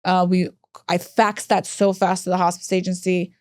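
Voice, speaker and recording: In a podcast interview, the COO of a hospice spins a long tale, voicing the dialogue herself with fast, animated energy. Her pitch is fairly low, and the recording is dry and studio-clean.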